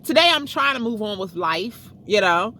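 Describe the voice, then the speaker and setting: A woman's voice: mid-range voice, lively intonation, normal speed, bright, forceful tone, slight background noise. A middle-aged woman telling a frustrating story to her viewers in a chatty, exasperated way, talking straight to them as y'all. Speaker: vlogger. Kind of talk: casual storytelling vlog.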